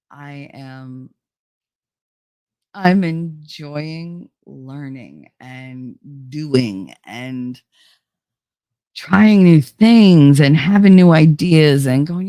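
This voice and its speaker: A lower-voiced woman talks straight to her viewers, excitable and all in. She swears freely and laughs a lot. The sound is close and dry, with no room around it. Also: very slow, clear, resonant tone, no room sound. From New Jersey. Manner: excitable, blunt and profane, laughs often. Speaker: streamer. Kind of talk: casual chat with viewers.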